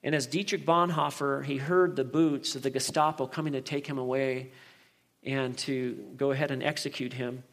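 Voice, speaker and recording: A middle-aged male pastor preaching a sermon in an earnest way, often repeating words as he speaks. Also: mid-range voice.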